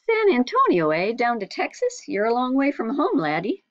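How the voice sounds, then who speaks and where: A woman voicing an older team manager, a gruff man. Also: on the high side, wildly swooping pitch, moderate pace, dry recording, lo-fi sound, pitched above the performer's own voice. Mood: probing.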